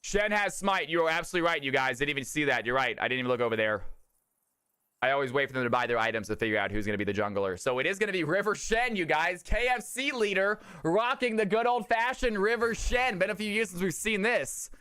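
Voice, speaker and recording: A male streamer with a high, bright, forceful voice, commentating games live. He talks straight to his viewers with loud, eager energy and plenty of hype. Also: quick pace, clean tone. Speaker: streamer hosting community game nights.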